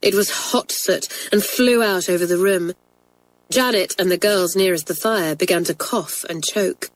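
A woman narrating a children's story in a clear, measured way. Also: lowish voice, rough recording. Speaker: audiobook narrator. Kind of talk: storybook reading.

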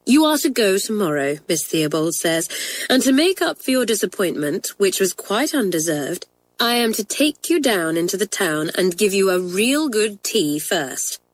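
A woman voicing a kind but firm schoolmistress addressing her class, in a measured teacher's tone in a storybook reading. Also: mid-range voice, big pitch swings, low-quality recording. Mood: fond. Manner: measured, warm-humoured teacher's tone.

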